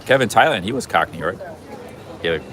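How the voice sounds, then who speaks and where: A man with a low, expressive voice talks fairly quickly while live-streaming a travel vlog on a busy outdoor city street. He rambles and restarts often in this casual walking stream, with background noise behind him.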